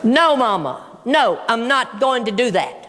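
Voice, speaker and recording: A woman voicing her panicked teenage son, a stubborn and soft-hearted boy who pleads and insists. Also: very high-pitched, animated, slow, long reverb tail, a little hiss or hum, exaggerated voice.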